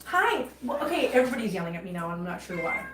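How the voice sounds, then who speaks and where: A woman hosting a cat channel livestream chats from her home kitchen while cleaning, her voice on the high side, sing-song and racing. She's emphatic and upset, holding back tears and repeating herself. The sound is reverberant with background noise.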